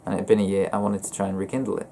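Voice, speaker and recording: A young man vlogging about his feelings in a flat, monotone voice, hesitant and often stopping to correct himself. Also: sits low, creaky, slight background noise. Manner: hesitant, halting and self-correcting. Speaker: gaming YouTuber. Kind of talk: personal confessional vlog.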